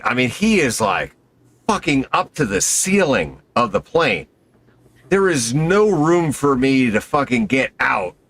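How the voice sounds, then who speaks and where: A man recounting a story in casual chat, swearing constantly. His pitch swings widely as he acts out what people said, climbing high when excited. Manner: profane, excitable, acts out quotes in a higher voice. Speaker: skydiver telling a story.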